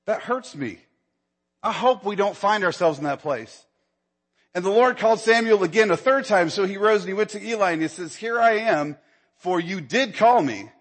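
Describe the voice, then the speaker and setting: A man's voice: lively intonation, normal speed, big-room sound. A man preaching a sermon in a conversational way, acting out the dialogue of the story he tells. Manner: conversational preaching, acts out Bible dialogue, rises in pitch when stirred. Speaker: pastor.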